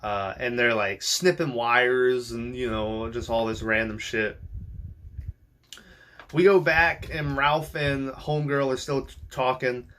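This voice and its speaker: Bright-voiced man rambling through a movie recap. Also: medium pitch, slow. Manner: rambling and profane, full of ums and likes. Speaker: podcast host.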